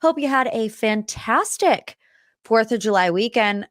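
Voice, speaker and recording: A woman's voice: fairly high pitch, expressive, a little slow, dry recording, clean studio sound. Chatty woman hosting a podcast. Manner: chatty, rambling tangents. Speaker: podcast host. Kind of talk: casual pop culture chat.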